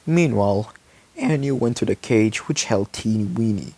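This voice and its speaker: A man casually reading his own fan story aloud, halting and adding asides. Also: fairly low pitch, animated, mellow.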